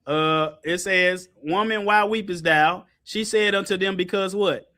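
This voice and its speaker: High-pitched animated man teaching scripture. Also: unhurried. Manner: lively, colloquial, jumps high in pitch for emphasis, laughs often. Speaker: teacher running an online Bible study. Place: online video call.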